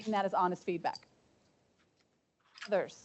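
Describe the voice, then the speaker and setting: A woman's voice: fairly low pitch, normal speed, slight background noise. A woman giving a conference breakout talk, chatty and anecdotal, often checking in with "right?" and "um". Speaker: conference presenter. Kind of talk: conference talk with audience discussion. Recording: dull lo-fi conference recording.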